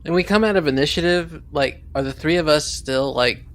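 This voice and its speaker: A man's voice: on the high side, a little fast, fairly bright tone. A man playing in a tabletop game, asking questions and reasoning aloud. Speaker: player. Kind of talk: casual tabletop play.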